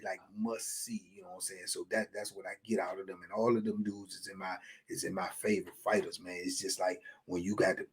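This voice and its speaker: A man in his fifties, a guest on an interview, talking casually and with animation, often asking "you know what I'm saying" and sometimes dropping to a low murmur. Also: mellow. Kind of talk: casual boxing talk.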